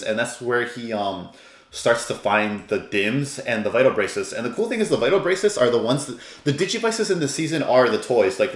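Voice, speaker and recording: A man's voice: on the low side, roomy sound. A man reviewing an anime episode in a casual, rambling, enthusiastic way, with lots of fillers.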